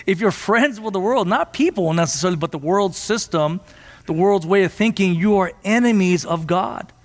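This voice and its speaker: A man preaching a sermon in a church, impassioned and at times rising to near shouts. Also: high-pitched, normal speed, big-room sound. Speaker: pastor.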